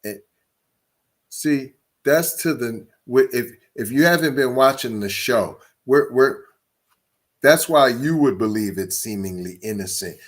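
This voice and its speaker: A man's voice: mid-range voice, animated, a little slow. A man with hosting a podcast, reading an article aloud and breaking off into emphatic commentary full of rhetorical questions. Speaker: podcast host.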